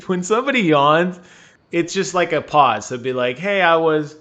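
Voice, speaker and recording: A man co-hosting a gaming podcast in casual chat, teasing and animated, laughing often. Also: fairly high pitch, moderate pace, highs cut off. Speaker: podcast co-host.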